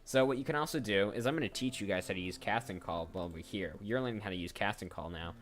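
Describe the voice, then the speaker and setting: A voice actor with a lowish voice talks quickly and casually on his livestream, thinking aloud as he browses and often restarting his sentences. Faint music plays in the background.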